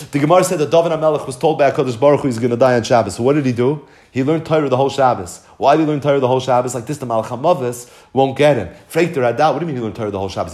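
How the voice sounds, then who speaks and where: A man teaching a Talmud lesson in an animated, sing-song study cadence, weaving in Hebrew and Yiddish terms. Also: medium pitch. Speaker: Torah teacher. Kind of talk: Talmud lecture.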